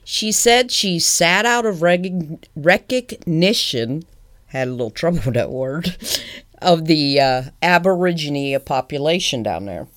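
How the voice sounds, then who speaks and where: A woman's voice: low-pitched, expressive, a little slow. A woman co-hosting a casual podcast, playful and opinionated, laughing often as she reads out a news story. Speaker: podcast co-host.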